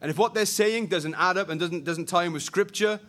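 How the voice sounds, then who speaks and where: Young male preacher, fairly high-pitched, animated and chatty delivery, big emphatic peaks and hushed earnest drops. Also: a little fast. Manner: animated, swinging from loud emphasis to quiet earnestness. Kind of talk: sermon.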